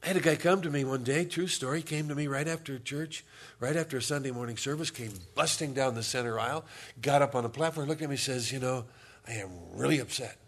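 A man's voice: mid-range voice, quick pace, a bit bright. Pastor, man, casual humorous sermon delivery, mid-range voice. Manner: conversational, humorous storytelling.

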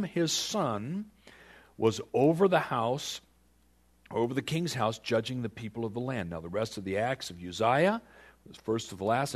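A man preaching a sermon, retelling a scripture story with animated storytelling and questions put to the listeners. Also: medium pitch, husky. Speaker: pastor.

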